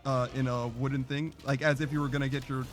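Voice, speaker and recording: A man from the United States chatting casually while playing a game, slightly raspy, laughing often and restarting his sentences. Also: mid-range voice, flat delivery, quick pace, faint music behind. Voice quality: raspy in the morning. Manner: giggly, talks in restarts. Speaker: gaming video host.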